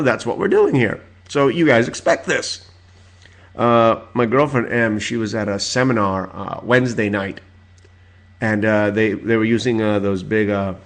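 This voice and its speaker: A man in his forties hosts his own podcast, rambling through a story with plenty of filler words. He talks at an ordinary middle pitch. Now and then he breaks into loud, exasperated outbursts. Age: 40s. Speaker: podcast host. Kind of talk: casual rant monologue.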